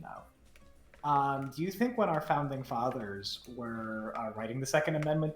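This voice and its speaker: A woman's voice: extremely low pitch, normal speed, faint music behind. A woman co-playing a game, joking in a sardonic, self-deprecating way and swearing freely. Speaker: co-player and guest. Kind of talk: casual chat while playing a game.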